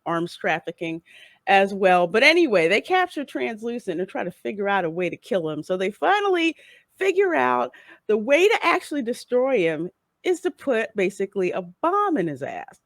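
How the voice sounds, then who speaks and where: A woman's voice: medium pitch, moderate pace, no echo, studio quality. A woman co-hosting a casual chat, animatedly retelling scenes and acting out the lines. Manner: animated storyteller, acting out quotes. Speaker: co-host. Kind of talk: casual chat recapping a show.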